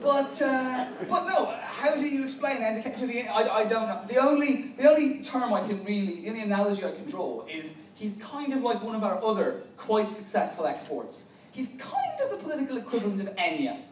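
Irish stand-up, high voice, wry rambling delivery, distant mic in a noisy room. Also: male voice, very animated, a little fast, hardly any pauses, echoey room. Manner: wry, rambling, self-correcting. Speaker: stand-up comedian. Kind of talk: stand-up comedy set. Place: large hotel conference hall.

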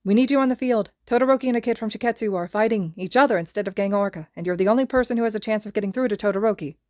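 A woman's voice: mid-range voice, very fast, a little mellow, dry recording, clean studio sound, natural voice. A woman voicing a man coordinating a team over the radio, urgent and clipped, in a fan podfic. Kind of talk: podfic character reading.

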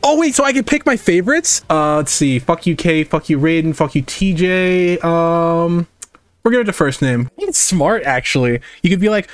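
A man's voice: lively intonation, normal speed, no room sound. A young man chatting on a live art stream, joking, swearing and mocking himself and his chat. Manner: mocks chat in high squeaky voices. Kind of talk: casual livestream chat. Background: faint music.

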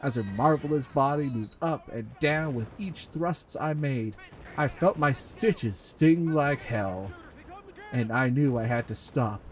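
Reading a fanfic aloud as host, an English-accented man gives a comedic dramatic performance with commentary, laughing frequently and tripping through halting, filler-laden asides. His pitch is medium, with slight background noise behind him.

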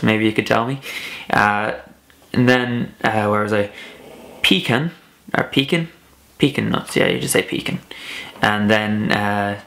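Young irish guy, soft accent, low and a bit gravelly, rambly vlog chat. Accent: soft Irish, slightly Americanized. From Ireland. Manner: rambling, many filler uhs and ums. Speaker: vlogger. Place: home room, dog snoring behind.

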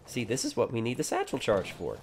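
Man, casual gameplay commentary, sarcastic, animated pitch, faint background noise. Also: a little fast. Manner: sarcastic, jokey asides. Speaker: gaming YouTuber.

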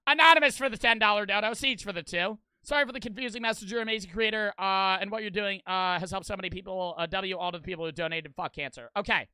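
Riffing on a live stream, a young man reacts bluntly and profanely and reads out donations in casual commentary. His voice is high, very bright and crisp, coming fast with few pauses, recorded dry and close with no echo.

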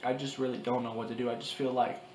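Crying through a personal vlog, this young man of about twenty-one speaks in a monotone, mid-range voice, often stopping, starting over and saying the same things again. He records on his camera mic in an echoey room with faint background hiss.

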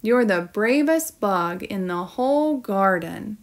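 A woman's voice: medium pitch, expressive, slow. A woman voicing a kind, encouraging female teacher bug in a storybook read-aloud. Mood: praising.

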